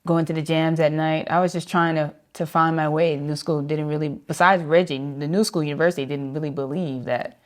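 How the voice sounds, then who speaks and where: A woman with a lowish voice, telling her stories with a lot of energy. She laughs easily and jumps up high when she acts out what other people said. She is a young saxophonist talking to an interviewer. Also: steady tone, a little fast, few pauses. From New York. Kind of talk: animated storytelling with acted-out quotes.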